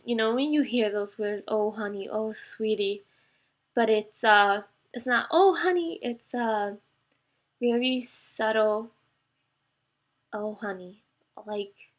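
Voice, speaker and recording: A young woman vlogger telling her personal story to the camera. She is tearful and close to crying, and she talks haltingly with many fillers. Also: mid-range voice, fairly bright tone.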